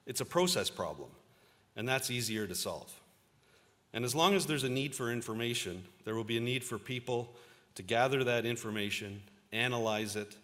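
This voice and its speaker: A medium-pitched, fairly bright male voice fills a large auditorium with big-room sound. He's a journalist in his fifties from Ontario, Canada, giving a convocation speech and relating anecdotes with a few fillers.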